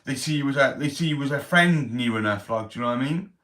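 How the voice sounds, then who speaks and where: A Welsh man hosts a casual livestream, chatting in street slang as he reads chat comments aloud and tells stories. His medium-pitched voice is animated and a bit bright, and he talks at a quick pace.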